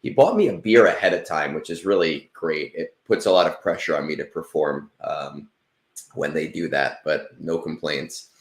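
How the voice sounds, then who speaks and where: Deep-voiced chatty man in an echoey room. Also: normal speed. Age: 30s. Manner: rambling, chatty, self-deprecating, with frequent fillers. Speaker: stream host. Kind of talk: casual livestream chat.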